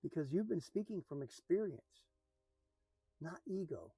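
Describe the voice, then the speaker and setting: A man giving an earnest motivational talk, repeating phrases and often dropping to a soft, hushed voice for emphasis. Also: on the high side, big pitch swings, measured pace, breathy edge, no echo, soft background music, poor audio. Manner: earnest, repetitive, drops to a soft hush for emphasis. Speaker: motivational speaker.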